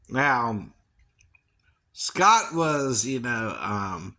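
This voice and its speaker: Guy rambling on his vlog, pitch swinging all over, laughs a lot and keeps asking right?. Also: big pitch swings, drawn-out words, pushed and bright. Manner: chuckles often, tags lines with "right?". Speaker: vlogger and singing impersonator. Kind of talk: rambling casual monologue.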